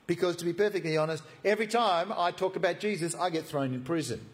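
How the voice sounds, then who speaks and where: A man preaching a sermon, animated and jokey, acting out the story. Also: high voice, fast talker, few pauses. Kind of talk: expository sermon.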